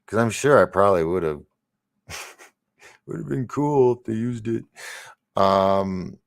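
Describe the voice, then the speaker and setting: Low gravelly guy chatting on his livestream, reads comments out, rambles n loses his thread, dry close sound. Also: slow pace, dry recording. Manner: rambling, distracted, trails off and restarts; laughs and gasps between remarks. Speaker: livestream host. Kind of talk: casual livestream chat, reading viewer comments.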